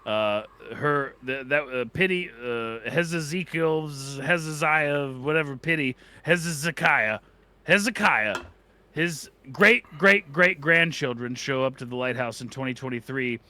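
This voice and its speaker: A man's voice: medium pitch, a little slow, bright, forceful tone. A man co-hosting a podcast, telling a silly story that rambles and keeps slipping into character voices. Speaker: podcast co-host. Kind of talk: comedic storytelling. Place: away from the studio.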